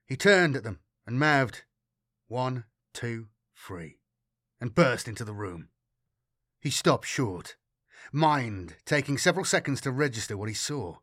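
A man narrating a dark sci-fi horror audiobook in a measured way, slowing for grim detail. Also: medium pitch, lively intonation, no room sound, studio quality.

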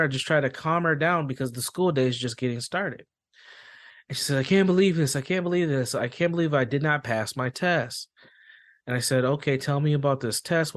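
A man's voice: medium pitch, no room sound, clean studio sound. A man who hosts a mental health podcast and works as a school therapist, explaining in a casual way and telling stories with acted-out quotes. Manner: storytelling with acted-out quotes, frequent fillers.

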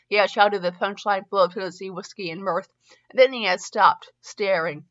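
A middle-aged woman reads a fanfiction story aloud, her voice bright and sharp. She often trips over words and starts again. The recording is muffled and lo-fi. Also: mid-range voice, fairly quick. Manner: stumbles and restarts often, chatty asides. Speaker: fanfiction reader and podcast host. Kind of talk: reading a story aloud with asides.

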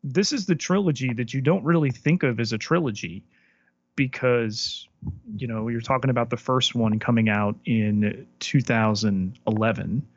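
A man's voice: medium pitch, normal speed, no echo, highs cut off. A man co-hosting a podcast, talking through a film in a hesitant way, often repeating words as he thinks aloud. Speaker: podcast co-host. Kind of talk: casual film discussion.

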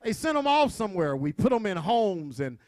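A man preaching a sermon to his congregation, with call-and-response, shouted peaks and quiet asides. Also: high voice, sing-song, normal speed, dry recording. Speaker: pastor.

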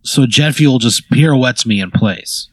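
Podcast host, male, middle pitch, disbelieving and swearing, dry recording. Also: measured pace, dry recording. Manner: exasperated, incredulous, swearing. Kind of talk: casual comedic chat.

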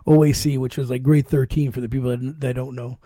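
A man's voice: medium pitch, quick pace, no echo. A man hosting a podcast, telling crude stories in casual, swearing chat. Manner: crude, swearing, animated storyteller. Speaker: podcast host.

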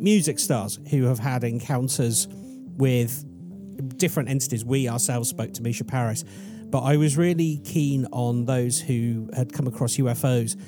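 A man co-hosting a podcast, telling a story in a chatty, rambling, self-deprecating way. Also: mid-range voice. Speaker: podcast co-host presenting the story. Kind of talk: casual storytelling chat.

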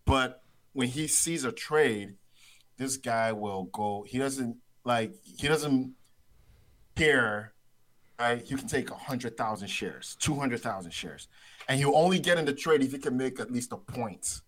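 A man's voice: mid-range voice, unhurried, fairly bright tone. A man being interviewed, telling a trading story in a rambling, casual way, repeating words and laughing easily. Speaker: trader guest.

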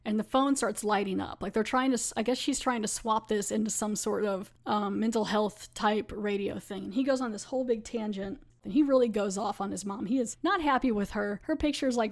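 A woman podcast host casually recapping a TV episode in a chatty way, with lots of "like". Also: medium pitch.

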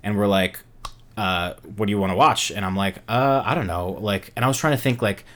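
Low guy talking fast on a podcast, lots of likes and ums. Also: a bit bright. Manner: fast, filler-heavy storytelling. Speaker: podcast co-host. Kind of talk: casual chat.

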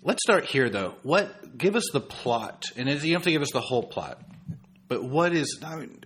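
A man's voice: mid-range voice, big pitch swings, normal speed, fairly bright tone, slight background noise. A man co-hosting a podcast, discussing a film in a casual, thoughtful way and reading out critics' reviews. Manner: thoughtful, quotes critics' reviews, frequent restarts. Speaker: podcast co-host.

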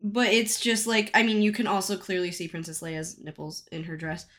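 A woman's voice: medium pitch, little pitch movement, normal speed, fairly bright tone. A woman in a casual podcast chat, talking wryly with many fillers. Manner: chatty, many "like" fillers, wry.

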